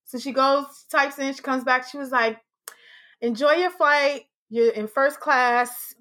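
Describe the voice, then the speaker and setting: A woman hosting a podcast, telling a story in casual, animated chat, swearing freely and acting out what people said. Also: high voice, measured pace. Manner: animated, swearing, acts out quotes. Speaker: podcast host.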